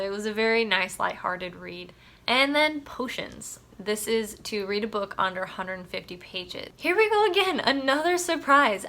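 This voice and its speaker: A woman chatting casually in a book review vlog, animated and emphatic. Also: medium pitch.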